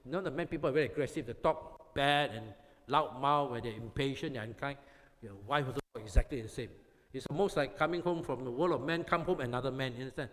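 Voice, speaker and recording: A man's voice: medium pitch, fast talker. A man from Malaysia, preaching a sermon to youth. He is emphatic and repetitive, often checking with the audience whether they understand. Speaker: pastor. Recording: long reverb of a hall.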